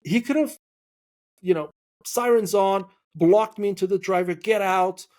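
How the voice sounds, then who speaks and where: A man with a high-pitched voice hosts a podcast at a moderate pace, in a casual interview conversation. He tells stories in an animated way, chatting loosely with lots of fillers and asides.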